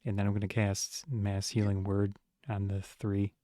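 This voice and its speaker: A man plays a tabletop game, talking casually and thinking aloud about his moves. His voice is low and dry. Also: completely flat delivery, normal speed, dark tone, no room sound. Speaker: player.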